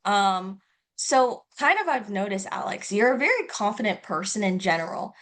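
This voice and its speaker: Female host, mid-range voice, steady conversational questions. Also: medium pitch, normal speed. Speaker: interviewer, host. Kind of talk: casual interview questions.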